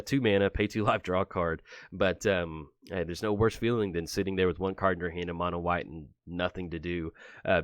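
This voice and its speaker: A man with a low, deep voice talks quickly through a card game deck in a casual way. He keeps up a brisk, chatty flow dotted with "uh"s. The sound is dry and close. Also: no room sound. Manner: brisk and chatty, with frequent filler "uh"s. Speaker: deck tech presenter.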